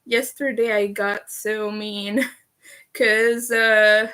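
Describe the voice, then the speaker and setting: A woman's voice: mid-range voice, flat delivery, extremely slow, sharp tone, clear, resonant tone. A Canadian woman hosting a casual livestream while she crochets, chatty, laughing often and swearing casually. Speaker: livestream host.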